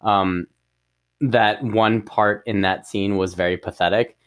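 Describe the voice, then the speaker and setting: Low-voiced laid-back male co-host. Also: steady tone, slow pace, fairly bright tone. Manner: easygoing, hesitant, many fillers and restarts. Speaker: podcast co-host. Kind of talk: casual film review chat.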